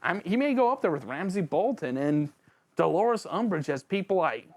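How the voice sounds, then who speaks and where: A channel host giving a casual, excitable spoken book review, joking around and talking straight to the author and characters. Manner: excitable and jokey, with big swings in pitch; addresses the author and characters directly, playful slang.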